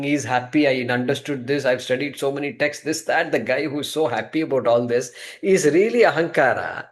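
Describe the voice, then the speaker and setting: A man teaching a scripture class, asking himself questions and answering them. He swings from emphatic high points to quiet low asides. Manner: rhetorical questions, answering himself, repeated restarts. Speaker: Vedanta teacher.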